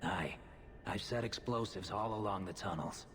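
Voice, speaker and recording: An actor playing a blunt, stubborn male dwarf warrior with a gruff manner, in a video game. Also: fairly low pitch, moderate pace, a bit bright, slight background noise, close to an everyday voice. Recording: game audio with long reverb.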